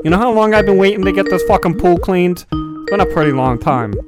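A man's voice: high voice, animated, a little fast, loud music behind the voice. A man co-hosting a comedy podcast, joking and laughing in casual chat. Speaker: podcast co-host.

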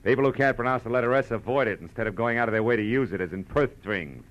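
A man's voice: medium pitch, racing, fairly bright tone, dull audio, close to an everyday voice. A man playing a world-weary, wisecracking male private detective in an old-time radio drama, also narrating the story. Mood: wry. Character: hard-boiled male private detective, wry, dry-witted. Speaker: narrator and lead. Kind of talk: 1940s radio acting.

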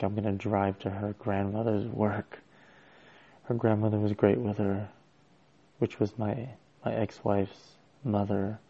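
A man's voice: lowish voice, creaky, warm tone, dull audio. A man telling a personal story as a father, in a casual, hesitant and rambling way with many restarts.

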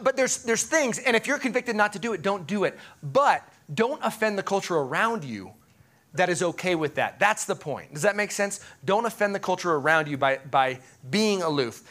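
Male pastor, high bright voice, lively sermon delivery with jokes and questions to the room. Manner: animated, joking asides, pauses to ask the congregation.

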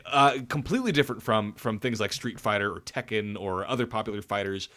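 A man with a fairly low voice chats on a casual podcast. He rambles through his points with plenty of ums and false starts. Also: a little fast, fairly bright tone. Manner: rambling with many fillers and restarts. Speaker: podcast co-host.

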